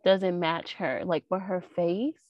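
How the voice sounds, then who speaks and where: A woman's voice: on the low side, slow pace, no echo, lo-fi sound. A woman co-hosting a podcast in casual chat, blunt and colloquial in her talk. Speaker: podcast co-host.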